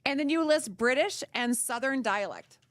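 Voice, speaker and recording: A woman's voice: high-pitched, lively intonation, moderate pace. A woman hosting a casual radio show, upbeat and chatty, asking long rambling questions. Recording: dry close studio sound.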